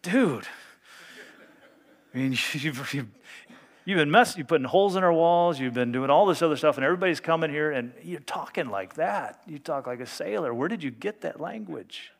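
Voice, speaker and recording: A man's voice: a little high, expressive, moderate pace, creaky, husky, big-room sound, heavily acted. A man voicing a prophet's exasperated wife who scolds her husband in disbelief. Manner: incredulous, scolding.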